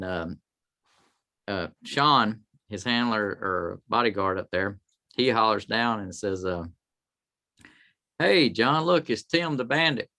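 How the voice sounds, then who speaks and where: This guest is a tribute performer, a man recounting rambling stories in a casual interview and regularly voicing what others said to him. His voice leans low yet sounds bright, with a forceful tone.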